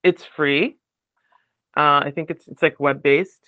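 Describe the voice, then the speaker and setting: Animated man, dull dry recording. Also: fairly high pitch, a little slow, no echo. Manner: animated, acts out quoted voices. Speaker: podcast guest. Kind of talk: casual chat.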